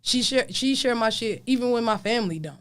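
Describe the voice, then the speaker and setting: A woman's voice: on the high side, animated, a little fast, fairly bright tone. Blunt, profane woman hosting a podcast. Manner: blunt and profane, asks probing questions. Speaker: podcast host. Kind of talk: casual podcast chat.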